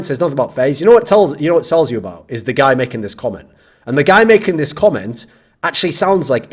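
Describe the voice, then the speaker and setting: Exasperated male host ranting on comments, husky voice, swings up and down in pitch. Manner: sarcastic, exasperated, swears freely. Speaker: esports commentator and channel host.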